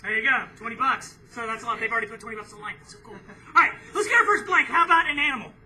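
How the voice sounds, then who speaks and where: Very high, bright man emceeing a comedy show. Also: very fast. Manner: loose, upbeat, rambling explanations. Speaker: emcee running the contest. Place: comedy club stage. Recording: distant room recording, faint noise.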